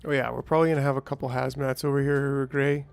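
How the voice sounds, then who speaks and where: Gravelly man thinking aloud over a game. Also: medium pitch, level tone, very fast, soft background music. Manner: thinks aloud, chatty with restarts and small exclamations. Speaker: gaming channel host. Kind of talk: let's play commentary.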